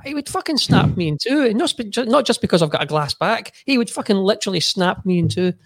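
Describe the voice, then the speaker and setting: A man co-hosting a podcast, talking football in an animated, sweary way with lots of stammering restarts. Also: sits high, quick pace. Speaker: podcast co-host. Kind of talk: casual football chat.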